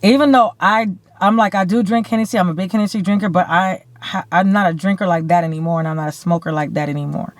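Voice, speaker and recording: A woman from California telling a story to her camera in a blunt, animated way, swearing freely and saying "like" often. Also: fairly low pitch, fast talker, few pauses, no room sound. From San Bernardino, California. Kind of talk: casual storytime. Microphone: camera mic.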